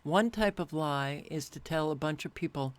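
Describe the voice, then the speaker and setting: A weary woman host talking alone to camera at her home computer, sighing often and speaking with deliberate care. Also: low-pitched, no echo. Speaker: channel host. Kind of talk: casual monologue to camera.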